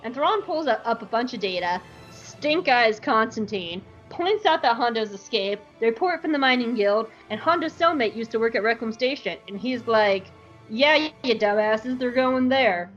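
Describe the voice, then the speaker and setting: A bubbly young woman with a fairly high voice, chatting animatedly through a casual episode recap for a podcast. Her talk is quick and loose, peppered with likes and asides. The recording is dull and lo-fi, with faint music underneath. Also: expressive, a bit bright. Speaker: podcast host.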